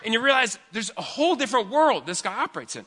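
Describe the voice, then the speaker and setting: A man telling a story in a chatty, animated way as a pastor during a sermon. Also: very high voice, fast talker, husky. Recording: long hall reverb.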